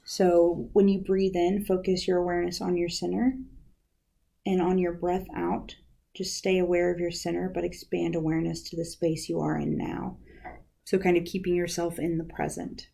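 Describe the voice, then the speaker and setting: A woman's voice: fairly low pitch, normal speed, gravelly. A young woman working as a university outreach specialist, giving a casual guided lesson on counseling skills with many ums and likes. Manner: relaxed, uses many fillers like "um" and "like".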